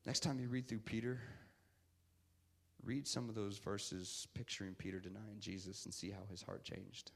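A man's voice: fairly low pitch, fairly even intonation, moderate pace, creaky. A man preaching a casual sermon, emphatic and conversational, often repeating "guess what".

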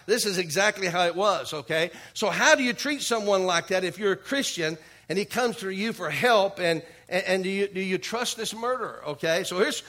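A man preaching a sermon, dropping a repeated "okay?" and calling for amens, reading scripture slowly and with emphasis. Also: sits high, bright, forceful tone. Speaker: pastor.

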